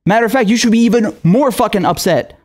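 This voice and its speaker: Host, male, higher register; exasperated, swearing commentary rant. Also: fast, a little mellow. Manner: profane, exasperated, sarcastic. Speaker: political commentator. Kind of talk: angry ranting commentary.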